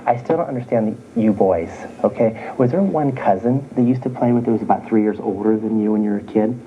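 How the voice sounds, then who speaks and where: Male medium, low voice, conversational reading to sitters that keeps restating points, dull lo-fi recording with faint hiss. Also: fast talker. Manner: chatty, circling back and restating points. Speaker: psychic medium.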